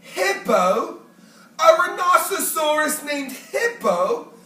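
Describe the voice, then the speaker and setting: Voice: very high-pitched, wildly swooping pitch, takes it slowly, sharp tone, voice pushed up, full character voice. A reader voicing a cheerful young male porcupine in a picture book read aloud to children, in a raised, giggly voice. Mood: amused. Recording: roomy home recording from a distance.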